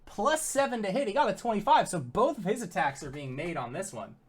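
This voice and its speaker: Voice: medium pitch, very animated, brisk, slightly rough. A game master narrating a tabletop game in a loose, casual way, with frequent fillers and a bit of swearing.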